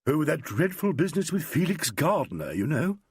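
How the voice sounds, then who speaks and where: A man reading an audiobook, voicing a motherly, sensible old actress in a low, soothing, gruff voice. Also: very animated, normal speed, no room sound, studio quality, exaggerated voice.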